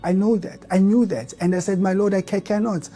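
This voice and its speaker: A man gives a personal church testimony in a high, steady, warm voice at a fairly quick pace, with faint music behind him. He speaks earnestly through a heavy stutter that repeats the first syllables of words, his emotion rising into fervent outbursts.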